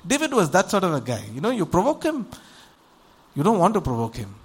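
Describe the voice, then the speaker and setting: A man preaches in a high, breathy-edged voice, moving a little fast. His sermon retells a Bible story in a conversational manner, with acted-out voices, animated storytelling, and many rhetorical questions aimed at his listeners.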